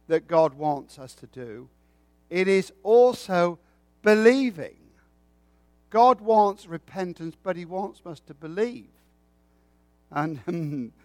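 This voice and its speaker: A man's voice: sits high, no echo. A man preaching a sermon with a folksy, joking way of telling stories.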